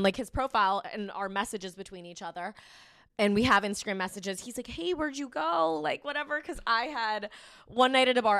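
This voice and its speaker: A young woman co-hosting a podcast, telling a story in casual chat, swearing freely and getting louder when she is animated. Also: mid-range voice, clear, resonant tone, no room sound, studio quality. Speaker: podcast co-host.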